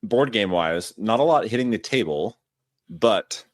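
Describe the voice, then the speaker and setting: A man's voice: on the low side, expressive, a little slow, dry recording, studio quality. A man co-hosting a board game podcast in casual chat, playful and rambling as he tells stories. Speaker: podcast co-host.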